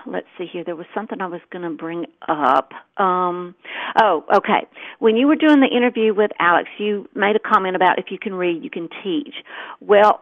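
A middle-aged woman chats earnestly as a co-host and acts out the dialogue in her story. Her voice sits at an ordinary pitch. It comes through a thin, tinny phone line with no room sound at all. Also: dry recording. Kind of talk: casual storytelling chat.

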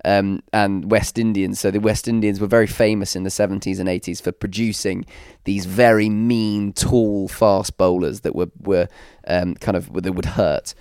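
A man with a lowish, smooth voice talks in a rambling, casual way, stopping and restarting as he goes. The sound is dry and close. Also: steady tone, moderate pace, darkish tone, dry recording. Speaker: podcast co-host. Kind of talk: casual chat.

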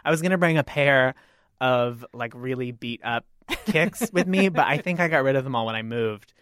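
A man's voice: medium pitch, moderate pace, a bit bright, smooth, no echo. A man co-hosting a podcast in casual chat, making dry, wry quips. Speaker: podcast co-host.

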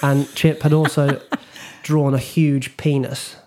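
A man's voice: medium pitch, little pitch movement, slow pace, background noise. A young man from Britain hosting a podcast, telling rambling stories in casual chat with many fillers and restarts. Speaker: podcast host.

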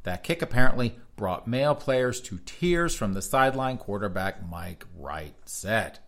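Man, talk show host, lowish voice, reading headlines aloud, sarcastic mocking asides. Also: a little slow. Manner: sarcastic, mocking asides between read-outs; reads articles aloud in a flat news cadence.

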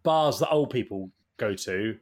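A man, a guest in a casual interview, telling long rambling anecdotes that get animated at the funny parts. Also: lowish voice, unhurried.

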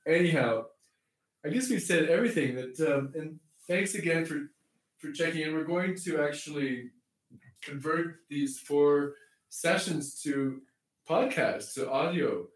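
A man's voice: on the high side, unhurried. A podcast host who grew up in Canada talks in a rambling, casual way, chuckling often and restarting his sentences. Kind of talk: casual faith chat. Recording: roomy echo, mic at a distance.

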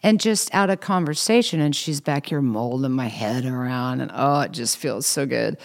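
A middle-aged woman, an interview guest, telling stories in a casual, lively way and slipping into quoted voices. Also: extremely low pitch, moderate pace, gravelly. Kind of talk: casual storytelling.

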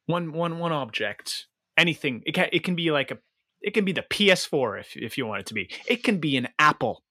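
A man hosting a casual movie podcast, talking in animated, rambling bursts full of restarts. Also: fairly high pitch, a little fast, no room sound, studio quality. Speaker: podcast host.

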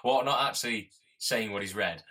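A man co-hosting a casual podcast, answering his co-host with quick, short reactions. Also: lowish voice, sharp tone. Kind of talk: casual chat.

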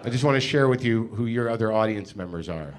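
A man's voice: on the low side, animated, fast, a little hiss or hum. A man hosting a podcast live on a theater stage, reading listener emails aloud with sarcastic, exasperated asides.

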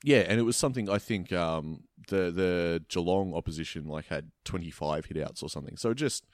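A man's voice: deep voice, no room sound, clean studio sound. A man, co-hosting a casual football podcast, chatty and easygoing. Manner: easygoing, chatty, quick to laugh along. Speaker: podcast co-host. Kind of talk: casual sports chat.

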